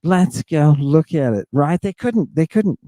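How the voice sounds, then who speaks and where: A man hosting a fired-up monologue, reading ancient Greek text aloud in a combative, theatrical way, swinging between loud outbursts and hushed asides. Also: fairly high pitch, animated, unhurried, no room sound. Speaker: show host.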